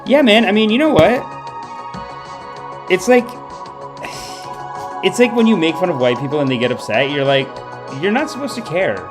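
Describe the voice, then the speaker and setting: A man's voice: high-pitched, measured pace, long pauses, over music. A man hosting a comedy livestream, rambling in mock-sermon style and correcting himself as he goes. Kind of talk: mock-guru livestream banter. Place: home streaming setup.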